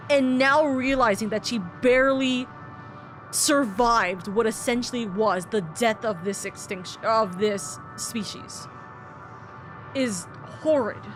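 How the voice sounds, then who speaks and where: A woman streaming a game, tearing up and talking emotionally with swearing and stumbling restarts. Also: on the high side. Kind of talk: emotional gameplay commentary. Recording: game music playing behind.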